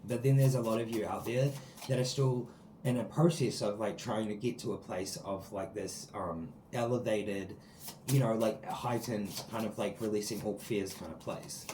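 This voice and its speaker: A low, mellow-voiced man rambles earnestly through a spiritual tarot reading, his speech scattered with likes and ums. He sits outdoors, and the recording sounds roomy and echoey with faint ambient sound behind him. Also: normal speed, slight background noise. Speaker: tarot card reader. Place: sitting outdoors.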